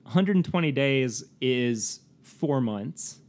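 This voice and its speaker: A man's voice: medium pitch, animated, slow, a little mellow. Chatty man with a rambling delivery. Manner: rambling and self-correcting, laughs often. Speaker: co-host of a whiskey tasting show. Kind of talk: casual chat.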